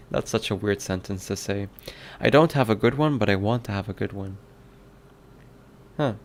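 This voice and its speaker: A man's voice: on the low side, normal speed, long pauses, a little hiss or hum. A man streaming his game development work, chatting casually with viewers, musing aloud and reading their comments. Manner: musing, reads chat aloud, toys with mock accents. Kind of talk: casual livestream chat, thinking aloud.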